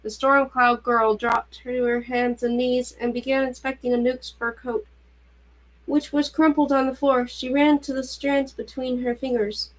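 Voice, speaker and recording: A woman reading a young-adult novel aloud with a steady, even narration. Her voice sits a little high for a woman, and she keeps an unhurried storytelling pace. The delivery is plain reading rather than performance. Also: low-quality recording. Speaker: reader. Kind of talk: audiobook-style novel reading.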